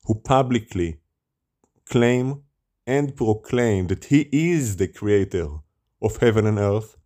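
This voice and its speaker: Rabbi guy preaching slow, scornful and rhetorical, lowish voice. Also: animated, mellow. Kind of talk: sermon.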